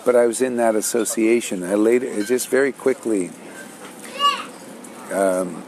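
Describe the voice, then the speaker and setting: A man's voice: fairly low pitch, measured pace, a crowd in the background. An older man, telling his spiritual story in a rambling, casual way with many restarts. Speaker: spiritual teacher.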